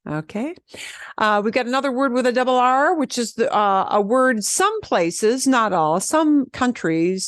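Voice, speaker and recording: A woman's voice: mid-range voice, no echo, studio quality. A woman from the teaching a beginner Spanish lesson, patiently repeating words and drilling the trilled R. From American Southwest.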